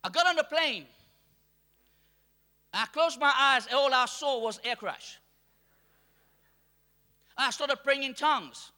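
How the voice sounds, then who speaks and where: Man, preacher, sermon, very bright tone, call-and-response, reverberant hall. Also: very high-pitched, takes it slowly, long pauses. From Mauritius.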